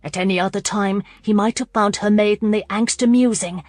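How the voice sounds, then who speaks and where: A woman narrating a romance audiobook in a measured, steady reading voice. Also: medium pitch, no room sound. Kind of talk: scripted narration.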